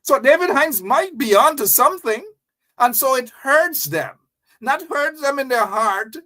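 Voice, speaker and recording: Indignant high-voiced political host. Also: male voice, very animated, unhurried, pushed and bright. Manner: indignant, repetitive, mocking; reads news aloud then comments. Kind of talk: political commentary monologue.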